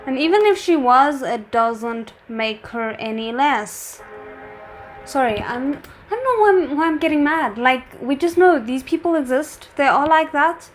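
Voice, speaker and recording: A woman hosts a drama reaction in a loose, rambling, chatty way, with laughing asides. Her voice is slightly high, with a faint hiss behind it. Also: expressive, unhurried. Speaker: reaction channel host. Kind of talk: casual drama reaction commentary.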